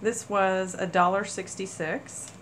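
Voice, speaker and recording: A woman hosting a casual crafting haul video, gushing with excitement over small items. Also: medium pitch, slow pace, slight background noise, poor audio. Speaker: crafting channel host. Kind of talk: casual haul chat to camera.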